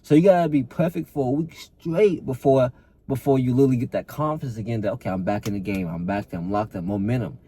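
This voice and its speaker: A man's voice: mid-range voice, fast talker, mellow, a little hiss or hum. A man, a fitness coach, giving a blunt, profane, repetitive motivational talk to camera and calling the listener bro.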